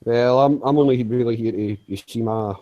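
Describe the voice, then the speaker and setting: A man's voice: mid-range voice, normal speed, mellow, muffled recording. A man bantering and swearing in a casual group video chat, often stumbling and restarting his sentences. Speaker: chat participant.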